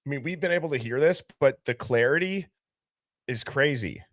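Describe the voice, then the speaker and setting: A man's voice: mid-range voice, expressive, moderate pace, a bit bright, a little hiss or hum. A man hosting a live stream, thinking aloud and asking questions as he goes. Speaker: host. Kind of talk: casual live-stream discussion.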